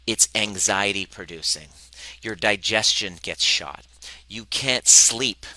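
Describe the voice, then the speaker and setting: A man with a low voice and a sharp, tense edge, teaching a live workshop. He is animated and swears freely, acting out the voices of the people he quotes. The sound is dry, with no room echo. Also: takes it slowly. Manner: speaks directly to the audience. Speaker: relationship coach.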